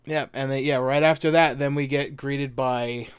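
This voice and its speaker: A man's voice: medium pitch, steady tone, moderate pace, clean tone, no room sound, studio quality. A man co-hosting a podcast, loose and chatty, swearing casually as he breaks down a video game. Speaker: podcast co-host.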